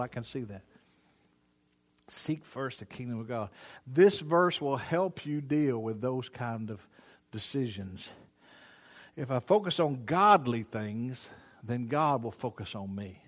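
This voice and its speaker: An older man preaching a sermon, folksy and teasing, moving between quiet asides and loud preaching. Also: mid-range voice. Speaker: pastor.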